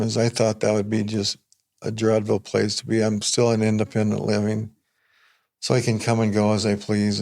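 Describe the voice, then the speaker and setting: Older man with a flat, gravelly voice. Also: fairly low pitch. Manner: plain-spoken, reflective, unhurried. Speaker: podcast guest. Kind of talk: casual conversation.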